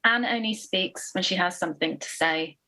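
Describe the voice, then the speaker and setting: Woman, poet, reading her own poems, lowish voice, calm and even. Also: moderate pace, poor audio. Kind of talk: poetry reading. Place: live event venue.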